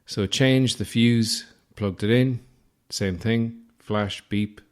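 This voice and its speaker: A man's voice: lowish voice, steady tone, takes it slowly. An Irish man hosting a podcast, telling a comic story in a rambling, self-deprecating, crude manner. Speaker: podcast host.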